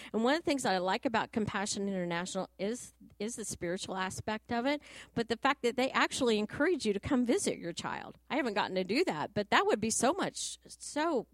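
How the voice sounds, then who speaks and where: A woman giving an enthusiastic testimony at church, speaking in a warm way with many restarts. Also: a little high, no echo.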